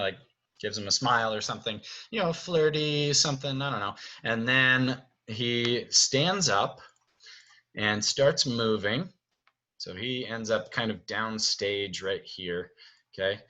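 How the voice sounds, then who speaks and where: A man's voice: mid-range voice, pushed and bright, highs cut off. A man directing a stage musical, walking his cast through the staging in a casual, chatty video, checking in with "right?" and "okay?". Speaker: theater director.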